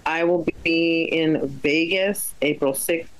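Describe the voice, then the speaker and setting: A woman comedian chatting as a podcast guest, an animated storyteller who acts out the voices in her stories. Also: low voice, slow pace, no room sound, poor audio. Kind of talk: casual podcast chat.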